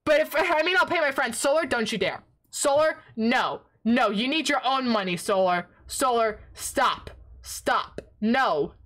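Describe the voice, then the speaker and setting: A woman streamer chatting casually while drawing, excitable and prone to yelling in playful protest, her voice sore and raspy from long yelling. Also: on the high side, measured pace.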